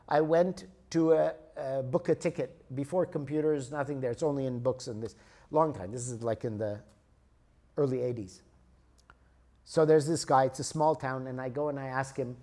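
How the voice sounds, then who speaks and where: Older male lecturer, 60s, storytelling, conversational, mid pitch. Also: normal speed, warm tone. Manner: storytelling, conversational, explains with examples. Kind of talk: spiritual lecture.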